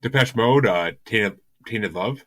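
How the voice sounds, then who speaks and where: A man's voice: fairly low pitch, measured pace, fairly bright tone, no echo. A man hosting a music podcast in casual chat, rambling and enthusiastic, often stumbling over repeated words. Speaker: podcast host.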